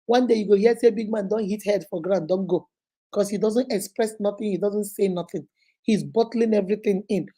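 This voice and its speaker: A woman's voice: mid-range voice, brisk. A middle-aged woman with a Nigerian accent hosting a casual talk show, talking emphatically and slipping into Pidgin. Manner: emphatic, animated, mixes in Pidgin. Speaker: host.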